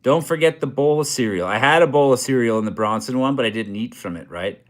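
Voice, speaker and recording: A man's voice: medium pitch, fast talker. A young Canadian man hosting a true crime comedy channel, chatting loosely from a hotel room and reading viewer comments with lots of fillers. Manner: loose, self-deprecating, rambling with many fillers. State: tired. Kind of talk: casual livestream chat reading viewer comments.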